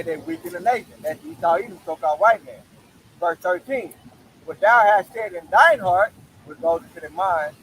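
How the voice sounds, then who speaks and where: A man with a fairly high voice reads old-style scripture verses aloud, then explains them plainly. He keeps checking in with "okay?" between points, and faint vehicle noise sits in the background. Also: low-quality recording. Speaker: Bible study teacher.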